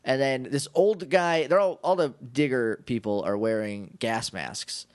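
A man co-hosting a podcast, recapping an episode in casual chat with jokes and quick impressions. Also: medium pitch. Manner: jokey, animated retelling with quick bits of mimicry. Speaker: podcast co-host.

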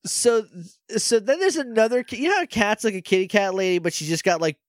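A man's voice: high voice, very animated, fast talker, no echo, studio quality. A man co-hosting a podcast, casually recapping an episode and acting out the characters' lines with playful voices. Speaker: podcast co-host. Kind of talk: casual chat recapping a show.

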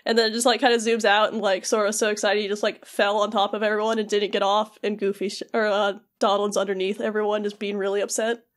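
A young podcast co-host with a mid-range, level voice goes over a video game in rambling, filler-heavy chat. Now and then she slips into quick voiced asides as the characters.

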